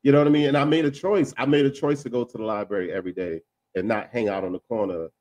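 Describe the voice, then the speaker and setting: A man in a casual panel discussion. He talks in an animated way, repeats himself, trails off into filler sounds and laughs as he talks. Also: medium pitch, quick pace, no room sound. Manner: laughs while talking.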